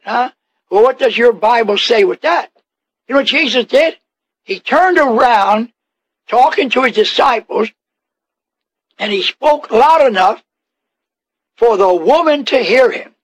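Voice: medium pitch, animated, unhurried, long pauses. A preacher delivering a fiery, confrontational sermon, firing rhetorical questions at the listeners and drawing out key words for weight. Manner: drawls out key words, acts out scripture quotes.

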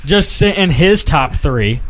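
A man's voice: a little high, animated, slow pace, fairly bright tone. A man hosting a podcast, chatting casually and laughing often into a studio microphone. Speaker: podcast host. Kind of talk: casual chat.

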